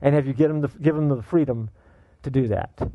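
A man preaching a sermon as pastor, animated and joking, firing off rhetorical questions at his congregation. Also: medium pitch, fast talker, no echo, narrow, tinny audio.

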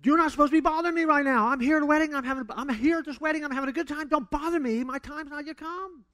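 A man voicing a dismissive grown son who curtly brushes off his mother, exasperated and loud. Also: very fast. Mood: scornful. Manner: curt, exasperated, high-pitched and loud.

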